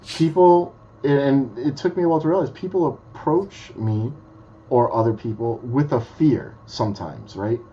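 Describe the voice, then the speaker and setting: Male podcast guest, blunt and foul-mouthed, mid-pitch, slightly muffled recording. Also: animated, moderate pace, mellow, a little hiss or hum. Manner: blunt, swears freely. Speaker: guest magician. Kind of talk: casual podcast chat.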